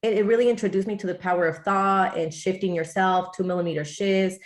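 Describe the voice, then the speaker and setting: In a mid-range voice with fairly even intonation, a Texan wellness coach guest talks a little fast in a casual interview. She tells her story chattily, quoting her own thoughts along the way.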